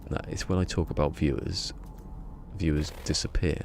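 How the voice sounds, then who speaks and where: A man's voice: extremely low pitch, fairly even intonation, normal speed, gravelly, a little mellow, a little hiss or hum. A man streaming a game live, chatting casually in a rambling, self-mocking way.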